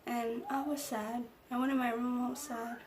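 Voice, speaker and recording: A woman vlogger telling a personal story in a soft, low-key storytime chat. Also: little pitch movement, normal speed, noisy background. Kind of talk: casual storytime.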